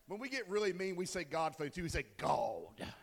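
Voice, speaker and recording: Man, pastor, high-pitched, conversational and joking, long church reverb. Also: animated, rapid-fire. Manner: joking, conversational, asks the congregation questions. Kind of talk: casual humorous sermon. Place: church sanctuary.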